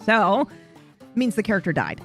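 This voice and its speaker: A woman's voice: medium pitch, huge pitch swings, moderate pace, vocal fry, soft background music. A woman casually recapping a roleplay story, rambling, swearing and correcting herself as she goes. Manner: rambling, profane, self-correcting.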